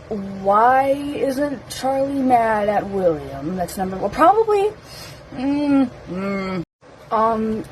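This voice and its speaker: A young adult woman talking casually as a fan vlogger, rambling and excitable, with lots of fillers and giggles. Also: medium pitch, slight background noise, low-quality recording. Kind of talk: casual rambling first-impressions talk.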